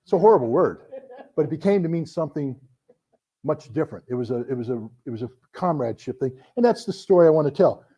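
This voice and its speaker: Animated middle-aged male storyteller. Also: fairly high pitch, quick pace, slightly rough. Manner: animated storyteller who acts out the voices in his anecdotes. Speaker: speaker telling a story to an audience. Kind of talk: storytelling talk to an audience. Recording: dull lo-fi recording.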